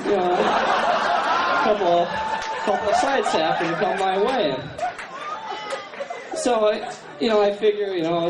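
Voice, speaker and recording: A young adult man doing a stand-up routine in a halting, rambling way, full of fillers, on a university stage. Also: fairly high pitch. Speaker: stand-up comedian. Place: university contest stage, live audience. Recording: echoey hall, distant camera, crowd, noise.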